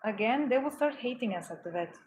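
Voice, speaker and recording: A woman's voice: a little high, animated, fairly quick, a little mellow, slight background noise, low-quality recording. A woman vlogging at home, chatting casually and cooing affectionately to her cat while she works. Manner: cooing, affectionate pet talk.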